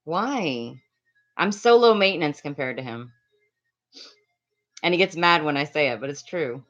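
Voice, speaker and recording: A woman from Latin America chatting loudly and quickly on a live stream, reading and answering viewers' comments with frequent laughs. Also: low-pitched, animated, muffled recording. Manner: loud, fast, laughs often. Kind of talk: casual live-stream chat.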